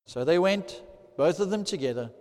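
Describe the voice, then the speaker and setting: A man preaching a sermon, animated and swelling loudly to stress key points, recorded in a large hall. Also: a little high, moderate pace. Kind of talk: sermon teaching. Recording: long hall reverb.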